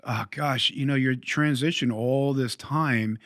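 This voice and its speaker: Male podcast host, mid pitch, dry close sound, calm coaching manner. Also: dry recording. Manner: measured, coaching tone, energy jargon. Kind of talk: reflective interview questions.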